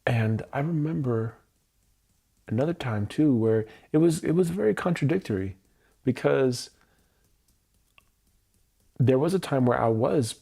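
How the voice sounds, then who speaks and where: Male livestream host with a mellow, gravelly voice, reflective and open. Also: medium pitch, expressive. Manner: slow, candid, searching self-reflection. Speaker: EFT tapping livestream host. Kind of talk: personal reflective livestream talk. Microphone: livestream mic.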